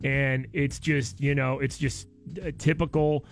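A man's voice: mid-range voice, little pitch movement, a little slow, gravelly, faint music behind. A man hosting a radio show, talking in a casual, playful way and laughing often.

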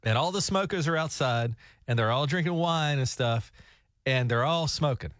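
A man's voice: a little high, normal speed, a bit bright, no echo, clean studio sound. A man on a talk show, telling a rambling, jokey travel story with laughs. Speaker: radio show co-host. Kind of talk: casual storytelling chat.

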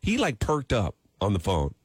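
A man's voice: fairly low pitch, normal speed, slightly rough, dry recording. A man hosting a radio morning show, joking and bantering with his co-hosts in the studio. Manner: lively, joking, trails off and restarts.

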